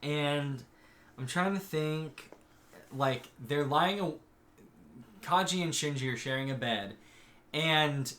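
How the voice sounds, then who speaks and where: A man co-hosting a podcast in casual chat, recapping episodes and acting out the characters' lines in quick put-on voices. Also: fairly high pitch, fairly bright tone. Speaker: podcast co-host.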